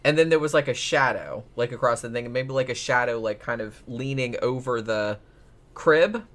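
A man's voice: mid-range voice, normal speed, a bit bright. Rambling, profane male podcast co-host. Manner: rambling, profane, laughs often. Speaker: podcast co-host recapping a case. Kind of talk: casual chat.

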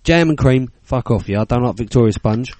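On a laid-back podcast, this British co-host in his thirties recounts something funny, cursing liberally and voicing the characters as he goes. His mid-range voice has lively intonation and a darkish tone, and he talks a little fast.

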